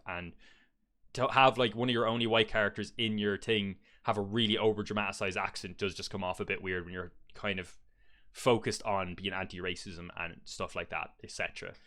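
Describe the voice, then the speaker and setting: Man, game reviewer, rapid chatty delivery, bright forceful tone, lowish voice. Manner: chatty, blunt, swears, many fillers. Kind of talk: casual spoken game review.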